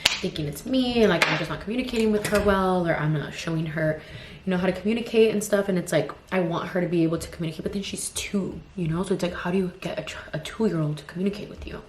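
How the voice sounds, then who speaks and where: A woman's voice: fairly low pitch, fast. A woman in her twenties, a vlogger and mother of two toddlers, venting in a frank, rambling casual chat packed with "like" and "you know". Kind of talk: casual get-ready-with-me vent. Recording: roomy echo with faint ambience.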